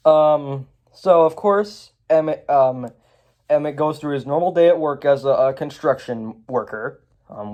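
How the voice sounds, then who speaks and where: A man's voice: mid-range voice, a little mellow, muffled recording. A man recapping a film in a casual review. He rambles, with lots of fillers, restarts and chuckles.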